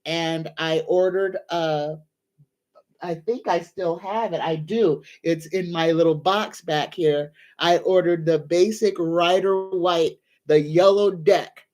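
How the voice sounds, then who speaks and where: A woman's voice: on the low side, steady tone, darkish tone. A woman hosting a casual livestream as a tarot reader, gushing and grateful. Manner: gushing and grateful, talks slowly.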